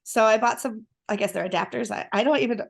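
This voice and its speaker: A woman's voice: fairly high pitch, quick pace, creaky. A woman chatting as a guest, enthusiastic and rambling with many restarts. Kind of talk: casual conversation.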